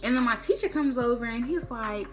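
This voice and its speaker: A woman's voice: a little high, fairly quick, faint music behind. A woman telling a casual, slangy, profane story to camera, acting out the people in it. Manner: slangy, profane, animated, acts out quotes. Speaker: storytime vlogger.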